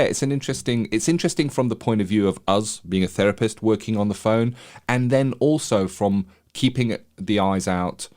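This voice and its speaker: A man's voice: low-pitched, a little mellow. A middle-aged man who grew up in South Africa, co-hosting a counselling podcast and telling stories reflectively with frequent laughs. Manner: reflective storyteller, laughs often. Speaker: podcast co-host. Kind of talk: casual chat.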